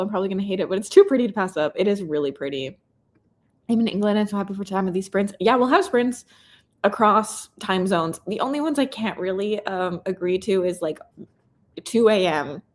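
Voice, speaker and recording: A woman's voice: medium pitch, a little mellow. A young Canadian woman hosting a casual live reading stream, reading out viewer comments in a bubbly, chatty way. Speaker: booktuber reading chat host.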